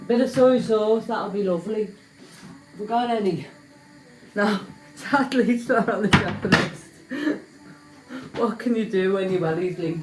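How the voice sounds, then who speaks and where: A woman with a medium-pitched voice speaks at a measured pace with long pauses while cooking for her vlog. Over background music and clattering pans in an echoey kitchen, she chats casually and jokes at her own expense.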